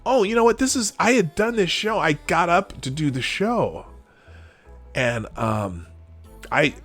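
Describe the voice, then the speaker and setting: A man hosting a live show, telling a rambling story in a casual, animated way with lots of restarts. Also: a little high, a little slow, breathy edge, faint music behind. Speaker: show host.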